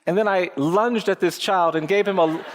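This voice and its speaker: A lawyer telling a personal story in a public speech, with measured, repetitive rhythmic phrasing. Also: male voice, high-pitched. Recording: echoey hall with faint music.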